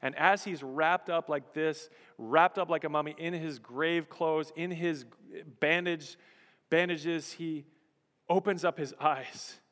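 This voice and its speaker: A male pastor preaching a sermon with dramatic storytelling, dropping low and quiet, then swelling loud. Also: steady tone, takes it slowly. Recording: long reverb of a large hall.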